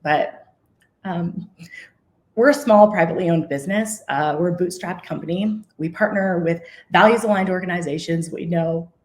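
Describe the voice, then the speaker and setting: A woman's voice: lowish voice, moderate pace, a little mellow. Earnest woman giving an impassioned keynote. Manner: earnest, impassioned, with self-corrections. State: emotional, near tears. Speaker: keynote speaker. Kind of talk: conference keynote.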